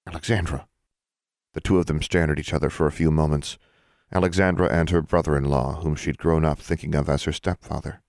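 A male audiobook narrator with a very low voice, reading calmly and evenly. The recording is dry, with no room sound. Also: fairly quick, vocal fry, dry recording. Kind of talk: scripted narration.

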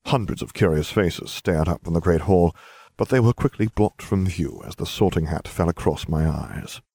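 A man's voice: low voice, moderate pace, a little mellow, slightly rough, no echo. A man reading first-person fiction aloud with dry, wry narration. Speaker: audiobook reader.

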